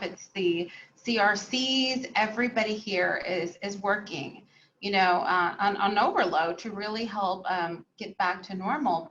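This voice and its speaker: A woman's voice: mid-range voice, a bit bright, muffled recording, a little hiss or hum. A woman school principal speaking frankly in an online panel, with many fillers.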